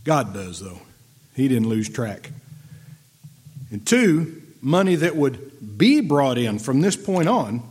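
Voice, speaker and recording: A man's voice: medium pitch, sing-song, takes it slowly, pauses often, darkish tone, slightly rough. A middle-aged man preaching a folksy, conversational sermon and reading verses aloud. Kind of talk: sermon teaching from scripture.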